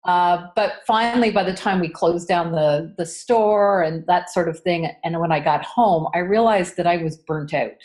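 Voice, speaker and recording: A woman's voice: lowish voice, normal speed, hardly any pauses, a little mellow. A woman in her sixties, an interview guest telling her story candidly with lots of fillers. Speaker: interview guest, entrepreneur coach. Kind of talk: casual interview chat.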